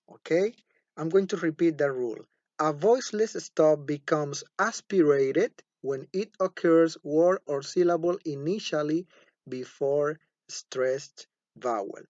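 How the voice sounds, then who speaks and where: This phonetics lecture comes from a teacher whose medium-pitched voice is a little mellow. Patiently, he repeats words and keeps asking the class "okay?", and the recording is dull, lo-fi and dry with no room sound.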